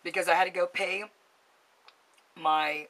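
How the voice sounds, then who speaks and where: A woman chats to her camera in a casual storytelling vlog, her voice sitting slightly low yet bright and edged. She is gossipy and animated, acting out each side of a conversation. She drops casual swears and keeps giggling through the tale. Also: measured pace. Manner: chatty, gossipy, acts out both sides of conversations. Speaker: vlogger.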